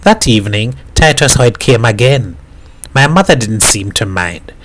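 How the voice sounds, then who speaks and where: A man from Jamaica reading a novel aloud in a steady storytelling voice. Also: medium pitch, normal speed, noisy background. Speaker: reader.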